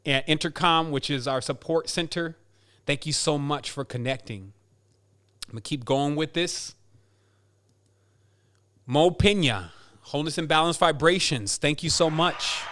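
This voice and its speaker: A man with a fairly bright, higher-pitched voice hosts a podcast. He casually and upbeatly announces giveaway winners, counting the prizes aloud.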